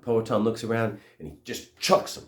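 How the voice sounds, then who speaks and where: A man's voice: on the low side, fairly even intonation, a little fast. A man telling a story in a loose, conversational way. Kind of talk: casual oral storytelling. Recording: roomy echo.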